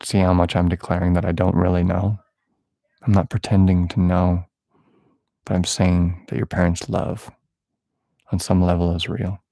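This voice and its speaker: A man with a very low, gravelly voice offers an improvised prophetic prayer over a listener. He rambles affectionately and teases himself as he goes, and his voice sounds close and dry. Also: monotone, moderate pace, long pauses, warm tone, no room sound. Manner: playful, affectionate, rambling and self-mocking. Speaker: spiritual podcast host.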